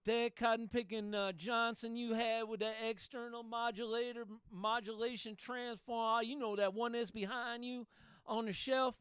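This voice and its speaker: High-voiced folksy man. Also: flat delivery, normal speed, a bit bright, clean tone, no room sound, studio quality. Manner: folksy, salty, repeats himself. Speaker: CB radio operator. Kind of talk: CB radio chat.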